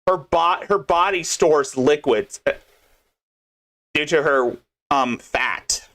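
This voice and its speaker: A man's voice: on the high side, slow, a bit bright. A man hosting a casual commentary podcast, rambling and swearing loosely. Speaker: host.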